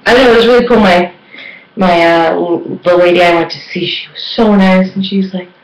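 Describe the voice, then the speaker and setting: A woman's voice: lowish voice, fairly even intonation, a little fast, a little hiss or hum. A woman chatting casually in a beauty vlog, rambling with lots of fillers. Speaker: beauty vlogger. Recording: echoey room.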